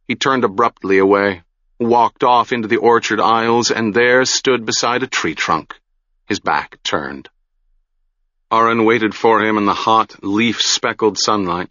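A man narrating a fantasy audiobook in a measured, deliberate storytelling manner. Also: fairly low pitch, bright, forceful tone, no room sound, lo-fi sound.

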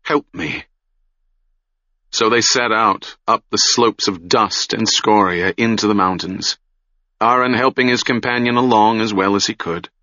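A man reading a fantasy novel aloud in a measured, solemn manner, recorded close on a dry mic with a dull lo-fi sound. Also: lowish voice, pushed and bright, no room sound. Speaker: audiobook narrator. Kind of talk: scripted fantasy narration.

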